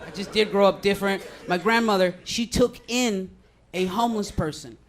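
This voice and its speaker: A young man doing a rambling stand-up set in a comedy club, deadpan and crude, high on edibles. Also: normal speed, noisy background.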